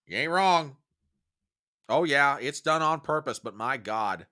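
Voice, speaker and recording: A middle-aged man hosts a live stream and talks straight to his viewers. His voice is bright and forceful, and he rants with heated emphasis while reading their comments. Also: medium pitch, animated, measured pace. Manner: emphatic, ranting, swings from warm to furious. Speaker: host.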